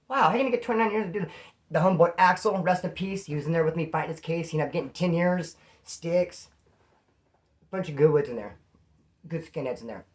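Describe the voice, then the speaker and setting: A man telling prison stories in a casual, rambling way, full of street slang, stopping often to correct himself. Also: on the high side. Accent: Californian. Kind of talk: casual storytelling to camera.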